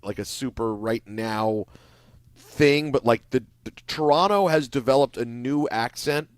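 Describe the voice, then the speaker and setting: A man's voice: mid-range voice, a little slow, no room sound. A man co-hosting a sports radio show, playful and joking, talking casually with his co-hosts. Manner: jokey, playful, repeats bits. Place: radio studio.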